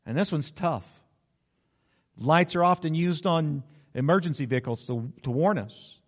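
Man preaching a sermon, earnest and deliberate. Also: fairly high pitch. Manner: earnest preaching, slowing down for emphasis. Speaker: pastor. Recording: slightly dull lo-fi sound.

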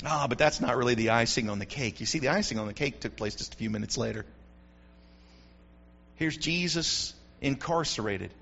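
A man preaching a sermon, telling the story with animated swings between loud and hushed delivery, on a dull lo-fi recording. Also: medium pitch, normal speed, gravelly.

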